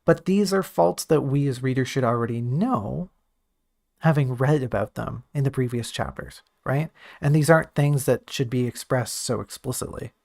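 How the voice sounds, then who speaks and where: A man with a gravelly, creaky voice talks through his own writing on a casual stream. He thinks aloud and is quick to poke fun at himself. His pitch sits in the middle range for a man. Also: a little mellow. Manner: thinking aloud, self-critical and joking. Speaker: writer reviewing his own draft on stream.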